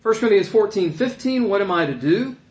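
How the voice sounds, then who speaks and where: Animated preacher man, echoey room. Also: high voice. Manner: animated, rapid questions and answers, reads verses aloud. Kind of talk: sermon with scripture readings.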